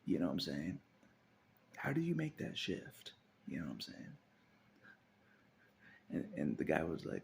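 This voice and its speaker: A man's voice: low-pitched, wildly swooping pitch, a little slow, gravelly, long pauses, darkish tone, slight background noise. A man vlogging in a casual, rambling monologue, chuckling often and trailing off into mutters.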